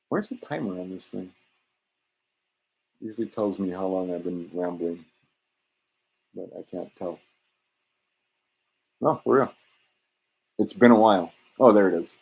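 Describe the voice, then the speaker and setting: A man's voice: sits low, a little slow, gravelly, pauses often, darkish tone, slightly rough. A man in a rambling, self-assured monologue, swearing often and drifting between points. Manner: profane, digressive, self-assured.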